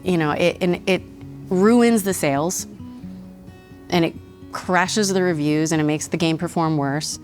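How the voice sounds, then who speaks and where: Chatty, lively woman from Texas. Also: lowish voice, a little slow, long pauses, soft background music. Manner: chatty and animated, laughs often. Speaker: guest, voice actress. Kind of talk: casual interview over a meal. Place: studio kitchen.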